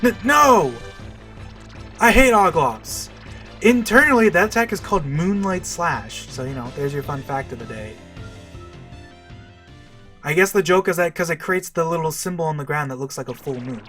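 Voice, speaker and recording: A man chats through gameplay, explaining mechanics with casual, self-deprecating asides. His pitch bounces around lively as he talks. Faint music runs underneath. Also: brisk. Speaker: let's play commentator.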